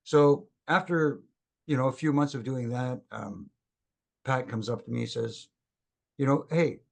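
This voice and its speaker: A middle-aged man, a former wrestling referee, telling lively stories as a guest on a casual podcast. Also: medium pitch, a little slow, gravelly. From Canada. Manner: lively anecdotal storyteller who acts out quoted dialogue.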